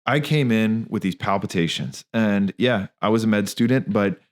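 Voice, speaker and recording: A man's voice: on the low side, moderate pace. A man in his thirties hosting a podcast, telling personal stories in a candid, slangy, emphatic way. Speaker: podcast host, physician and practice owner. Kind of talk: casual spoken monologue.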